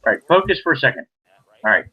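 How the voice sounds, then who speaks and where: Husky earnest man on lo-fi chat. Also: mid-range voice, big pitch swings, fast. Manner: earnest, keeps steering back to the topic. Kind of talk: casual discussion.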